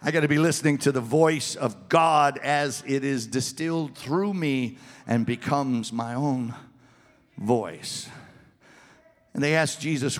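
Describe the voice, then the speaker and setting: A man preaching a sermon, swinging from loud, fervent passages to low, quiet asides and asking the congregation questions. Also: measured pace. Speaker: pastor. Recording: long reverb of a large hall.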